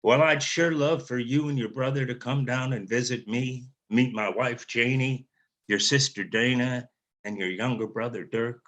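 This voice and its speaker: Long-lost dad, warm and delighted, slight Southern drawl, slow delivery; a man reads it out. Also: medium pitch, fairly even intonation, lightly acted.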